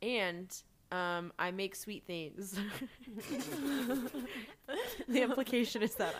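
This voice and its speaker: A woman's voice: mid-range voice, slow pace, noisy background. A woman guesting on a podcast, chatting casually and laughing often as she jokes. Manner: giggly and playful, laughs often.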